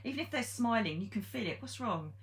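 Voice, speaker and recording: A woman's voice: a little high, expressive, quick pace. A woman, a psychic medium telling a ghost story in a chatty, blunt way, with frank swearing and many ums. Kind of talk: casual storytelling monologue.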